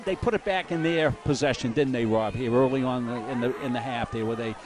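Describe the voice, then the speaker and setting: A man doing color commentary on a live high school football game, explaining strategy in a folksy, coaching-minded way. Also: fairly quick, a crowd in the background.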